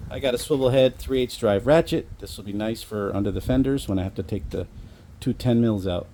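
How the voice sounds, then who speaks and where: A man walks through a car repair for his own video, rambling a little and making fun of himself as he goes. His voice is mellow and dark, with a faint hum of ambience around him. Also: mid-range voice. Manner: rambling, self-deprecating, explains as he works. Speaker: DIY car repair vlogger. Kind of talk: casual how-to walkthrough.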